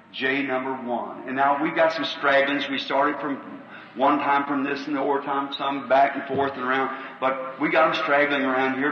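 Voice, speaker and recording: A Southern American preacher leads a revival sermon and healing line in a large auditorium, folksy, earnest and plain-spoken, calling out numbers to the crowd. His mid-range voice rings through the echoey hall with a long tail. The old, muffled tape was recorded from a distance, with a little hiss or hum.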